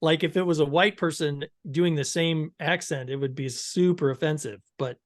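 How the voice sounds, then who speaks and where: A man's voice: on the high side, steady tone, normal speed, no room sound, clean studio sound. A man co-hosting a podcast, asking curious questions in a casual, easygoing way. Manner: curious, questioning, laughs easily. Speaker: podcast co-host. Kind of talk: casual discussion.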